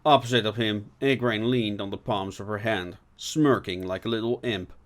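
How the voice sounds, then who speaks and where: A man's voice: fairly low pitch, fairly even intonation, moderate pace. Man narrating a dramatic audiobook. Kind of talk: audiobook narration with character voices.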